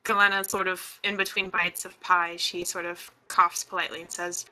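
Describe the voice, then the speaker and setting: A woman's voice: fairly low pitch, level tone, normal speed, few pauses, bright, forceful tone, poor audio. A woman playing a tabletop game, speaking hesitantly and offhandedly. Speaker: player. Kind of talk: casual chat.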